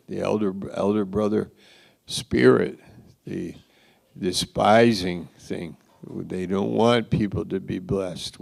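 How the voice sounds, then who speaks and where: Slow, gravelly-voiced man preaching. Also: fairly low pitch. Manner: dramatic, shifts from loud exclaims to quiet asides. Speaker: pastor. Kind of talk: sermon. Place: church.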